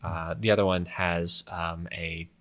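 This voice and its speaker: A man narrating as game master of a tabletop game, halting often with fillers. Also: deep voice, little pitch movement, a bit bright. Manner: hesitant, many fillers.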